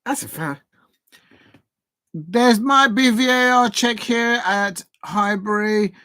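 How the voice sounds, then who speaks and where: Excitable man commentating a live watch-along. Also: high voice, slow, no room sound. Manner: chatty and excitable, jumping to shouts at big chances. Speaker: YouTuber hosting a live football watch-along.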